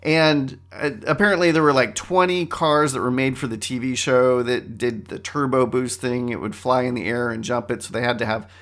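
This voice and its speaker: A man's voice: mid-range voice, steady tone, normal speed, hardly any pauses, a bit bright. A middle-aged man hosting a casual, rambling monologue, talking conversationally and often correcting himself. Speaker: host.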